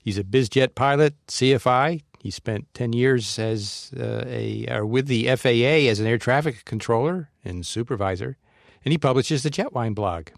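A man's voice: mid-range voice, normal speed, vocal fry, dry recording, clean studio sound. A man hosting a podcast, reading introductions and laughing easily in casual chat. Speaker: podcast host.

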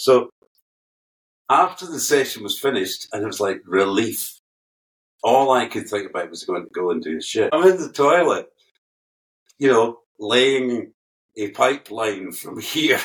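An older Scottish man, a guest musician, telling rambling anecdotes with laughter and swearing. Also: medium pitch. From Scotland. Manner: animated storyteller, laughs often, swears freely. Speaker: guest keyboard player. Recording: distant from the mic.

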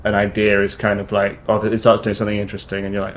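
Halting, low-voiced man. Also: completely flat delivery. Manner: halting, many restarts and fillers. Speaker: guest musician. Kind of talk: casual interview chat.

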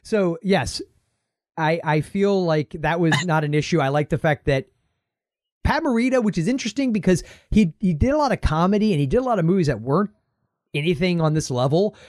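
An American man co-hosting a podcast, rambling in casual chat and slipping into quick playful impressions. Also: on the high side, animated, a little mellow, dry recording, clean studio sound. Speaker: podcast co-host.

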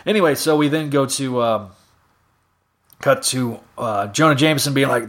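A man's voice: mid-range voice, normal speed, gravelly, a bit bright. A man hosting a podcast alone, casually recapping comic stories with many fillers. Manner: casual, filler-heavy retelling. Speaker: podcast host. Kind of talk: solo recap reading comics aloud.

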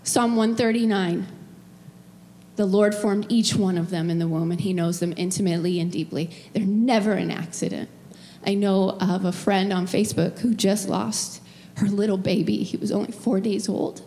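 A middle-aged woman pastor shares a personal, emotional sermon in a church sanctuary, at times near tears as she tells her stories. She speaks at a moderate pace in a medium-pitched, dark voice with fairly even intonation. Slight background noise and long hall reverb fill the recording.

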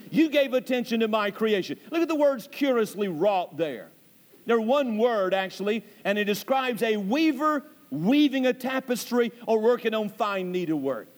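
A man preaching a sermon as pastor, emphatic, slowing and rising when he quotes scripture. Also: very high-pitched. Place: church sanctuary. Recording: reverberant church hall.

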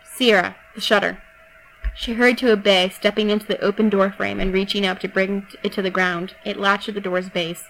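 A woman reading a story aloud as narrator, with a steady, even delivery. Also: mid-range voice, brisk, few pauses, a little hiss or hum, poor audio. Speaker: audiobook narrator. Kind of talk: scripted narration.

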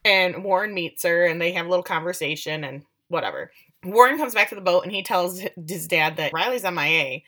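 A woman's voice: fairly low pitch, fairly quick, sharp tone. A woman co-hosting a podcast, recapping episodes in a chatty, sarcastic way with lots of "like". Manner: chatty, sprinkled with "like", sarcastic asides. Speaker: podcast co-host recapping a show. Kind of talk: casual chat.

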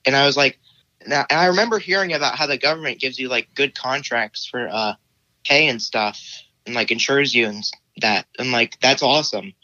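A man's voice: mid-range voice, fairly quick, sharp tone, dry recording, muffled recording. A teenage boy answering interview questions casually, hesitant and full of fillers. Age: teens. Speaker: guest.

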